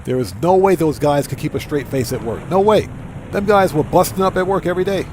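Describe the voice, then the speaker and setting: A man's voice: on the high side, fairly quick, a little mellow, a little hiss or hum. Chatty male game streamer. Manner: chatty, greets subscribers and reads chat aloud. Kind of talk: live gameplay commentary.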